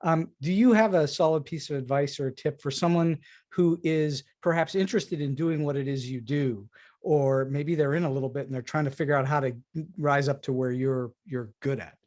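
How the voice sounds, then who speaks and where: Host: man, higher voice, friendly rambling questions, quick to laugh. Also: darkish tone. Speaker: podcast host.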